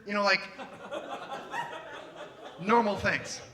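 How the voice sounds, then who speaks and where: A young man doing a stand-up comedy set, animated and acting out scenes in put-on voices on a club stage. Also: high voice, a little fast.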